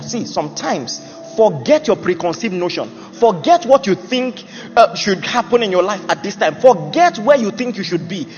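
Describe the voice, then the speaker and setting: A man preaching a sermon, emphatic and laughing at his own jokes as he acts out Bible figures. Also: high-pitched. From Nigeria. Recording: muffled hall recording with music.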